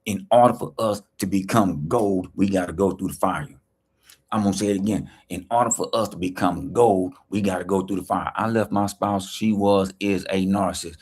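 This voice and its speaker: Male life coach, low and husky, preachy livestream delivery with repeated lines. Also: steady tone, moderate pace, a little mellow. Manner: preachy, repeats key lines, asks rhetorical questions; speaks straight to viewers, greeting them by name. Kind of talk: motivational livestream talk.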